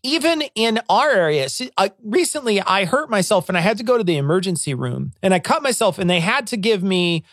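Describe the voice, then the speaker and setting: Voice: medium pitch, brisk, hardly any pauses, dry recording, studio quality. A podcast co-host from Illinois in casual chat, telling stories with profanity and acting out what people said. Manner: animated storytelling, profane, acts out quotes.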